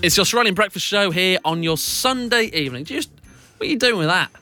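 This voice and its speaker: A man co-hosting a casual radio show, teasing his partner, animated and laughing often. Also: high voice, fast, faint music behind. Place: radio studio.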